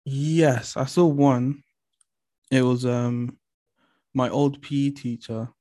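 A woman's voice: extremely low pitch, steady tone, slow, warm tone. A woman from London with a London accent, a guest chatting casually and teasing with dry humor. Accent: London English. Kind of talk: casual chat.

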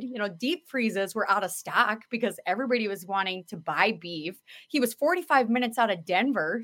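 A woman podcast host talking casually, telling stories in an earnest, animated way with many fillers. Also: a little high. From South Dakota. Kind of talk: casual conversational talk.

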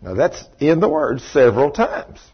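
Husky-voiced man preaching a story. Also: mid-range voice, big pitch swings, moderate pace, muffled recording. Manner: conversational, full of "you know", acts out dialogue. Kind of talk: storytelling sermon.

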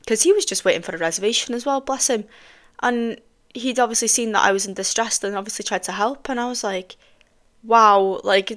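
A woman hosting a podcast, telling a personal story in a chatty, animated way with frequent ums and casual swearing. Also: medium pitch. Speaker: podcast host.

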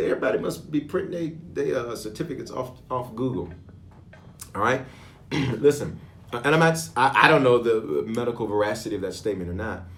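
Man preaching with loud bursts, echoey room. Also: lowish voice, slight background noise. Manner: preaching with bursts of loud emphasis and throat clearing. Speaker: bishop. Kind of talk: sermon and prayer.

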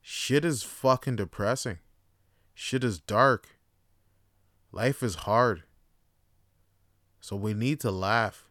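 A man hosting his own show, giving a rambling comic monologue full of swearing and deadpan asides. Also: fairly low pitch, slow, long pauses, no room sound, studio quality. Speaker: podcast host and comedian. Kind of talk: casual comedic monologue.

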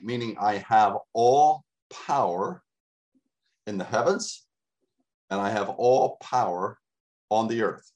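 A pastor delivers his sermon in a fairly low voice. He leans hard on key words, pausing and repeating them for emphasis. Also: a little mellow. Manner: emphatic preaching with dramatic pauses and repetition.

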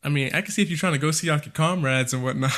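A man co-hosting a casual podcast, joking and laughing a lot, with profane asides and quick bursts of speech. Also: a little high, fairly bright tone. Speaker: podcast co-host.

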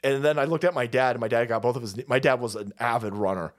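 A man's voice: mid-range voice, fast talker. A man in his forties hosting a livestream, ranting casually with lots of swearing and frequent laughter. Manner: profane, laughs often, animated outbursts. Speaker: livestream host.

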